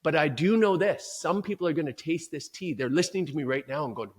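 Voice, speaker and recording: A man speaking as a performance coach in an interview, talking in an emphatic, energetic, motivational way. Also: fairly high pitch, fast, slightly rough.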